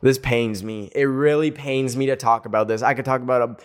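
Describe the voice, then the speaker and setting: Male podcast host, casual and sassy, animated storyteller. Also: medium pitch, brisk, smooth. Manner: animated storytelling, sassy asides, acts out quotes. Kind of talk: casual chat.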